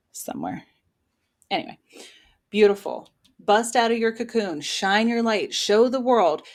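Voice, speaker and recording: A woman giving a casual weekly tarot reading into her own microphone, talking in an encouraging, motivational way. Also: medium pitch. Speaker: tarot reader and spiritual coach.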